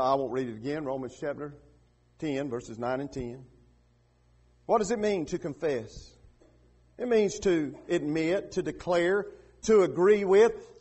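A man preaching a sermon in a church, building from quiet, hushed passages to loud, emphatic peaks with repeated rhetorical questions. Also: fairly high pitch, slightly rough. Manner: repetitive call-and-response questioning. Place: church with radio and online broadcast.

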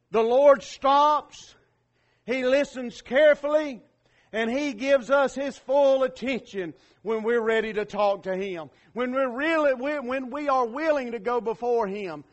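A man preaching a sermon, swelling loud on key lines and then dropping low.

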